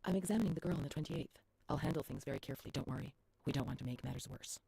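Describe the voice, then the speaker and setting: A woman voicing a haunted game narrator who reads old asylum records in a hushed voice that often drops to a whisper. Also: extremely low pitch, rapid-fire, creaky, slightly rough, dry recording, exaggerated voice. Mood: hushed uneasy. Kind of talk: scripted narration. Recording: game audio with noisy ambience.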